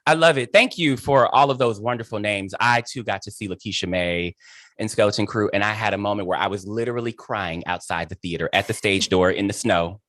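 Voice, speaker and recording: A man hosting an interview, gushing and emphatic, warmly effusive in his praise. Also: lowish voice, brisk, no echo, clean studio sound. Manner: gushing, emphatic, dotted with "child" and "honey". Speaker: host.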